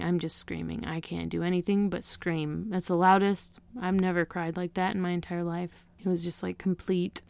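A woman's voice: lowish voice, vocal fry, a little mellow, smooth, no echo. A woman, as an interview guest, candidly recounts a personal story in an earnest, emotional way, often leaning on "you know" and "like.".

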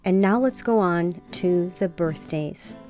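A woman hosting a podcast, speaking in a gentle, sincere way as she wraps up an episode. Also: lowish voice, slow, soft background music. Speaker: podcast host. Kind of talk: podcast outro narration.

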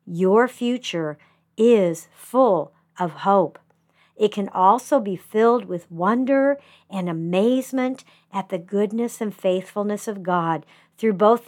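A middle-aged woman giving a gentle devotional talk to bereaved parents, with slow, deliberate emphasis. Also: mid-range voice. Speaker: grief ministry speaker.

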